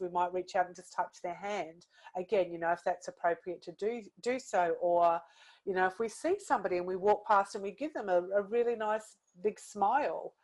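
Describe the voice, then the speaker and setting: A woman's voice: medium pitch, low-quality recording. A middle-aged woman with a British accent giving a casual webinar talk, speaking on a computer mic and using many "you know" fillers. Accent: British English. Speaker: webinar presenter on workplace wellbeing.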